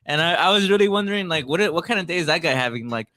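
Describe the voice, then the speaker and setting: A man's voice: fairly high pitch, expressive, racing, sharp tone. A young man hosting a casual podcast, telling stories loosely with many fillers and laughs. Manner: laughs often, rambling storyteller with many fillers. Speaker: podcast host.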